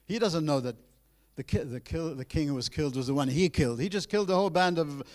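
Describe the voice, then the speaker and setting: A man giving a university lecture, animated and emphatic, with frequent restarts, addressing his students directly. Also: fairly high pitch, fast talker.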